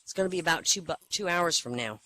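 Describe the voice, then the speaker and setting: A man's voice: on the high side, expressive, quick pace, bright, forceful tone, low-quality recording. Matter-of-fact barber, as a man tells it. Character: curious male barber.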